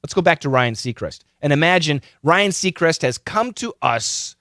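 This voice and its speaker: A man hosting a podcast, giving casual advice in an animated, explanatory way. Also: normal speed, no echo, studio quality. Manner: animated, explanatory, pitch leaping on key words. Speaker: podcast host.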